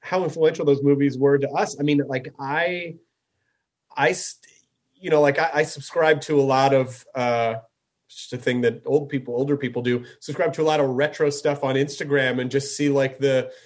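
A man's voice: mid-range voice, fairly even intonation, moderate pace. A middle-aged man hosting a podcast, chatting with enthusiasm, full of fillers and casual swearing.

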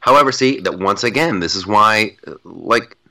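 A man's voice: lowish voice, lively intonation, moderate pace, gravelly, bright, forceful tone. A man co-hosting a podcast in casual political chat, emphatic and repeating his punchlines for effect. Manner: emphatic, repeats phrases, mock-boastful. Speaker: podcast co-host.

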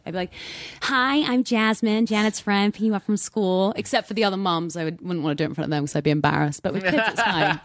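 A woman's voice: medium pitch, no echo, clean studio sound. A woman from England with an English accent, chatting as a podcast guest and laughing at her own stories. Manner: giggly, self-mocking storyteller. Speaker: guest actress. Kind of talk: casual chat.

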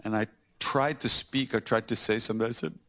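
A man's voice: on the low side, brisk. A man hosting a podcast, recounting personal stories and acting out the scenes with laughter. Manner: animated, acts out scenes with laughter. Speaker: podcast host.

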